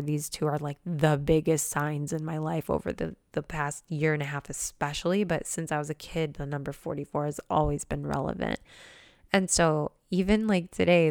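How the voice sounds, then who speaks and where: A young woman chatting excitedly in a casual vlog, gushing and swearing casually as a manifestation coach. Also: deep voice, smooth, no echo, studio quality. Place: new apartment.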